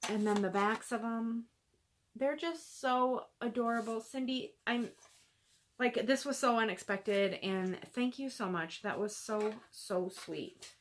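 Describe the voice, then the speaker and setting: A woman hosting a cross-stitch video, chatting casually and gushing over gifts, with lots of fillers and soft asides. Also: fairly high pitch, slow, slight background noise. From American Midwest. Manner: gushing, chatty, many fillers, drops to near-whispers. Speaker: Flosstube host showing gifts. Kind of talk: casual chat to camera.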